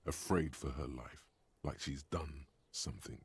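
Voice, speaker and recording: A man voicing the inner voice of a game hero's mind, speaking in measured second-person advice and warnings. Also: a bass voice, steady tone, husky, no room sound, exaggerated voice. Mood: ominous advising.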